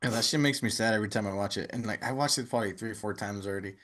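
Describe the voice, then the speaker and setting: A man co-hosting a podcast, chatting in a relaxed, slangy way. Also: fairly low pitch, rapid-fire. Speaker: podcast co-host. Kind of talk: casual chat.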